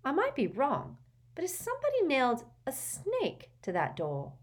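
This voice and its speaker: A woman's voice: high-pitched, wildly swooping pitch, moderate pace, voice pushed up. A woman doing a haughty, mocking rich girl. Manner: haughty, sneering.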